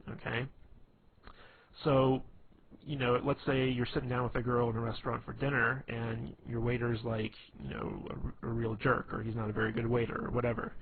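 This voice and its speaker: A man's voice: mid-range voice, gravelly. A man giving casual dating advice in a rambling way, full of fillers and restarts. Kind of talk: casual spoken advice monologue. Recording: tinny phone-like lo-fi recording with faint hiss.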